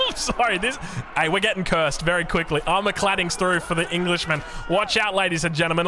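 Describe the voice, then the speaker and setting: A young Australian man casting a strategy game match, jokey and full of puns. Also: high-pitched. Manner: jokey, punning, self-deprecating. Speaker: game caster. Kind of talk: live match commentary.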